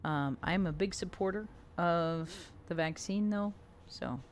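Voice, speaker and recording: A woman's voice: on the low side, unhurried. A female streamer giving chatty, casual commentary while playing, reading out viewer names. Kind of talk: casual let's-play commentary.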